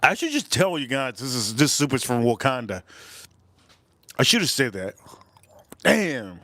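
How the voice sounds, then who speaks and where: A man's voice: medium pitch, big pitch swings, a little slow, pushed and bright, no room sound. Rambling, crude man eating on a livestream. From Miami, Florida. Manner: rambling, crude, joking, talks with food in mouth. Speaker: livestream food reviewer. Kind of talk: casual live-stream chat while eating.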